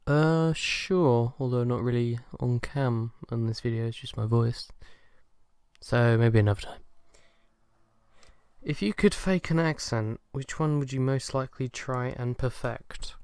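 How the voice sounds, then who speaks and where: Shy young guy doing a q&a, lots of uhs, talks slow, clean smooth voice. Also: mid-range voice, fairly even intonation, dry recording. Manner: hesitant and self-deprecating, many ums and uhs; soft-spoken and shy. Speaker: forum member answering fan questions. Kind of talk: casual question-and-answer chat.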